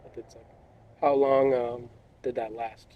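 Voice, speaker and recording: A man hosting a casual interview, asking short, low-key questions. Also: little pitch movement, unhurried, no echo, phone-quality sound. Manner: brief, low-key prompts. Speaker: interviewer, host.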